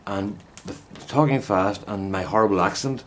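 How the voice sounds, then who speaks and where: Older man, low rambling chat. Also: moderate pace, slight background noise. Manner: meandering, chummy, many restarts and asides. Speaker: gardening vlogger. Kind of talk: casual rambling chat to camera. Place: outdoors in a windy vegetable plot.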